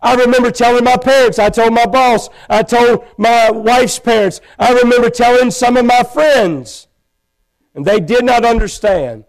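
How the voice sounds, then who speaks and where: A man preaching a sermon in a church, telling his own story with feeling and rising to loud pleading. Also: extremely high pitch, moderate pace, vocal fry. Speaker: pastor. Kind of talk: sermon testimony. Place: church sanctuary.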